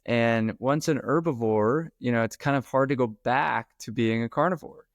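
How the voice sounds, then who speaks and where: A man being interviewed on a podcast about his sales book, talking in an emphatic, animated, casual way. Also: medium pitch, normal speed, no echo, clean studio sound. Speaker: author and sales trainer, guest.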